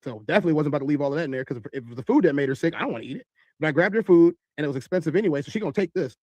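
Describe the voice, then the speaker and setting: A man telling a long story in animated style, acting out other people's voices. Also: fairly high pitch, racing, no echo. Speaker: podcast host telling a story.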